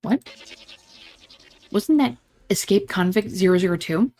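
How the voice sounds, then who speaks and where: A woman's voice: medium pitch, lively intonation, measured pace, mellow, soft background music. A woman hosting a gaming channel, reading game dialogue aloud in a let's-play and switching voices dramatically between the characters.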